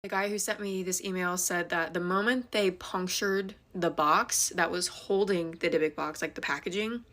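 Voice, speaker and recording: Chatty low-voiced woman telling ghost stories. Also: steady tone, fairly bright tone. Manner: quick, chatty, dramatic asides. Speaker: ghost story creator. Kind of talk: casual storytelling to camera.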